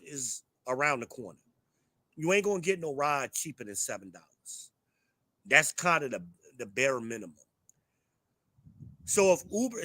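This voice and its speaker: A middle-aged man talks straight at his audience in a blunt, profane rant, pitched a bit higher than most men. The sound is close and dry, with no room around it. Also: fairly bright tone, no echo. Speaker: show host. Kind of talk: ranting commentary to a live chat.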